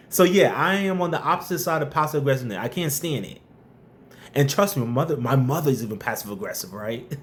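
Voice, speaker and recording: A man hosting a live stream, chatting casually, giving viewers shout-outs and blunt, tough-love workplace advice. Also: on the high side, big pitch swings, brisk.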